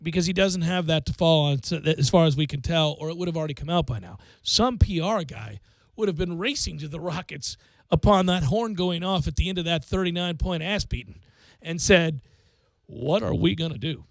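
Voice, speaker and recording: A man hosting a sports talk radio show, ranting in an animated way and acting out imagined speeches. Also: a little high, dry recording. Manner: animated, fast, acts out hypothetical speeches.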